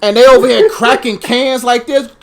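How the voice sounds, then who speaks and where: A man co-hosting a podcast, chatting casually and acting out childhood stories with lively comic energy. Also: very high voice, normal speed. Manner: animated storyteller who acts out his childhood. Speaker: podcast co-host. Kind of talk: casual comedic chat.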